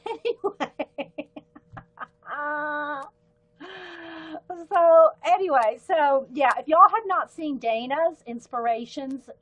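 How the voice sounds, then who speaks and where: Southern lady on a live art stream, kinda high voice, rambly, keeps getting sidetracked. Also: a bit bright, lo-fi sound. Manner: chatty, rambling, easily sidetracked. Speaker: livestream art host. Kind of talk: casual live-stream chat while demonstrating pens.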